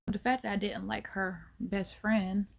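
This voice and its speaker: A woman vlogger telling a personal story in a casual, slangy way, animated, with whispered asides. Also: medium pitch, unhurried, creaky.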